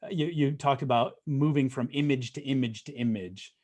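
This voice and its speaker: A man hosts a podcast conversation in a relaxed, chatty way, with a voice of middling pitch. He sums up his guest's points and often checks in with a quick "right?". His fillers give it an unscripted feel. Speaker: podcast host. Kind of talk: podcast interview.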